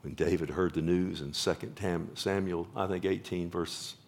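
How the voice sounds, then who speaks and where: Male pastor, gravelly voice, fervent sermon delivery, drops to whispers then swells loud. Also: sits low, steady tone, normal speed. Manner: passionate, swings from loud exclamations to hushed whispers.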